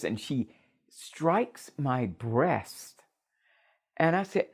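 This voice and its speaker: An older woman recounting a personal story in a measured, reflective way. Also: a bass voice, very animated, breathy edge.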